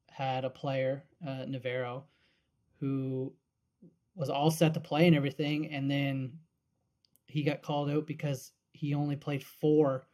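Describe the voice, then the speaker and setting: A man's voice: fairly high pitch, warm tone. A man co-hosting a casual podcast, speaking thoughtfully and often restarting his sentences. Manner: thoughtful, repeats words when starting sentences. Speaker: podcast co-host.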